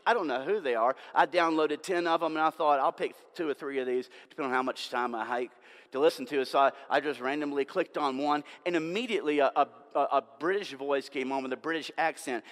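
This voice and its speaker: A man preaching a sermon as a pastor, conversational, swinging between loud and hushed. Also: fairly high pitch. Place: church sanctuary. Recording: long reverb of a hall.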